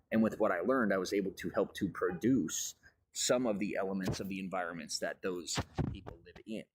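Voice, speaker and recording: A man's voice: low voice, a little fast, slight background noise. A man giving a grandiose, meandering monologue about his life and advice. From raised on a farm. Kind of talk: rambling monologue.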